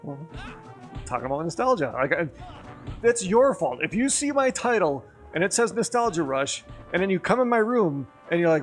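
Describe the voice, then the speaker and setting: A man's voice: sits high, sing-song, normal speed, faint music behind. A man from Wisconsin streaming from his garage, telling rambling, profane nostalgic stories in casual chat. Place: home garage with a green screen.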